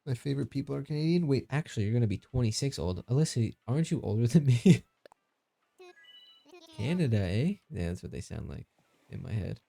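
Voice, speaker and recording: A man's voice: mid-range voice, lively intonation, quick pace, gravelly, mellow, soft background music. A man in his thirties chatting casually on a live stream, joking, laughing and reading out chat messages. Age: 30s. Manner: joking, reads chat aloud, laughs often.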